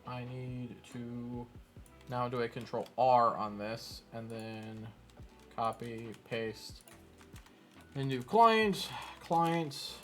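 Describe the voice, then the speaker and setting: A male streamer codes on stream and half-mumbles his way through it, telling his code to stop freaking out. When viewers come up he turns chatty and jokes at his own expense. Soft music plays faintly behind him. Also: medium pitch, drawn-out words. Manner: mutters to himself, scolds his code; self-mocking, laughs with viewers. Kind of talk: casual chat while programming.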